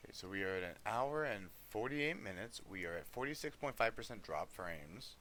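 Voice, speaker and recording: A man's voice: on the low side, animated, brisk, a bit bright, a little hiss or hum. A male livestreamer chatting casually, easygoing, coaxing and scolding his dog between music talk.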